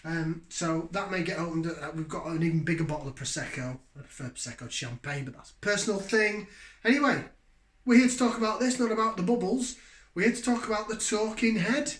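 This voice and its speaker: This man in his 40s runs a channel where he reviews beer casually, rambling and poking fun at himself. His voice sits high, moves a little fast and sounds a bit bright, captured in an echoey room.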